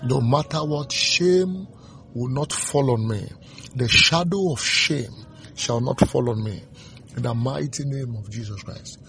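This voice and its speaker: Man preaching, unhurried and gravelly, repeats lines for emphasis; soft music bed. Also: medium pitch. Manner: slow, fervent, repetitive preaching with chanted refrains. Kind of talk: sermon.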